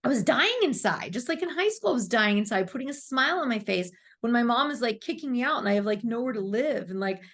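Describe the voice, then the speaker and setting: A woman's voice: a little high, expressive, fast talker, hardly any pauses, a bit bright. A woman in her thirties, a spiritual coach, telling her story as a podcast guest, candid and swearing freely, acting out her past self. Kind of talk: emotional storytelling interview.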